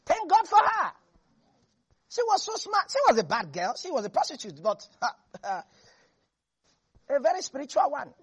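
A preacher giving an animated sermon, repeating lines for emphasis and laughing often. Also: high-pitched, normal speed, pauses often. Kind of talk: lively sermon.

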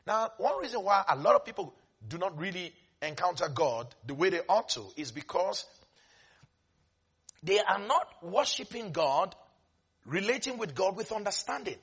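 Dramatic shouting male preacher. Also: high voice, expressive, moderate pace, breathy edge. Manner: dramatic, bursts into shouts and laughs. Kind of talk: sermon.

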